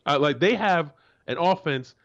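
Former player guy from florida talking football, swears a lot, squeaks up high when he quotes people, kinda muffled sound. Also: lively intonation, a little slow, a bit bright. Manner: blunt and profane, acts out quotes in a high voice. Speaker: co-host, former NFL player. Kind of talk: casual sports talk.

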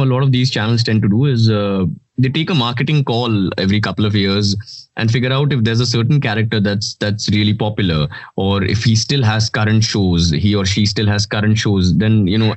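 A man with an Indian English accent, a voice artist chatting as a guest in a relaxed, filler-heavy way. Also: lowish voice, no room sound. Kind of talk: casual interview chat.

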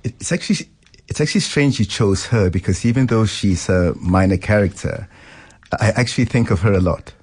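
A male novelist with a low, husky voice, interviewed on the radio. He answers in a reflective and measured way. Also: a little mellow. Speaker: novelist guest.

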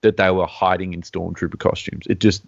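A man hosting a casual chat with friends, talking in quick excited bursts and laughing often. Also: low voice, creaky, noisy background. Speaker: podcast host. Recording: dull lo-fi dry sound.

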